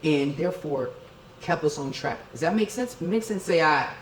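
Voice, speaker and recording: Energetic high-voiced man leading a keynote. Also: a little fast, a little hiss or hum. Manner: energetic, leads crowd through dance counts, keeps asking "okay?". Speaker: keynote speaker. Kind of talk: motivational keynote with call-and-response. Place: event hall with tables and chairs. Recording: echoey hall, voice from a distance.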